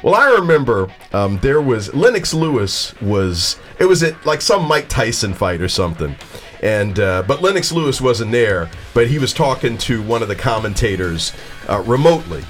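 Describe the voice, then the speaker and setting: A man's voice: medium pitch, big pitch swings, moderate pace, faint music behind. A man hosting a radio panel chat, telling a rambling story with laughter. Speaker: radio show host.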